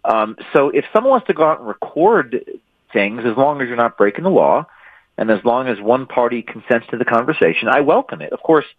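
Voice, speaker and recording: A man's voice: medium pitch, big pitch swings, brisk, dry recording. A man being interviewed as an author, answering emphatically and often repeating and restarting words. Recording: thin phone-line audio.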